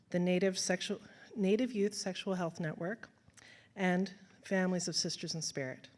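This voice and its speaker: A woman moderator introducing speakers and the event at a university panel in a measured, formal way. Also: fairly low pitch. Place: university lecture hall.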